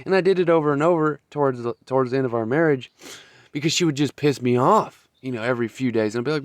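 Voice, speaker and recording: A man's voice: medium pitch, fast talker, no room sound, studio quality. A man giving a blunt, profane, heated monologue as a vlogger. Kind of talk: ranting monologue.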